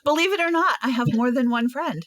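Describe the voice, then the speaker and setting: A woman co-hosting a podcast, telling animated stories in casual chat and laughing often. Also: high-pitched, fairly quick. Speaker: podcast co-host. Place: Nashville.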